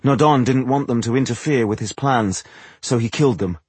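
A man voicing a stern, commanding woman mage in an audiobook, speaking grimly and forcefully. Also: medium pitch, normal speed, husky, no echo, close to an everyday voice. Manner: grim, clipped, forceful.

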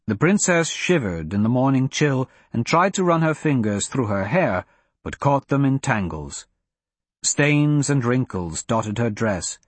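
An unhurried male narrator reads a fantasy audiobook, his husky voice moving lively up and down. The recording is close and dry. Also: medium pitch, no echo. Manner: unhurried, expressive. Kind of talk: scripted narration.

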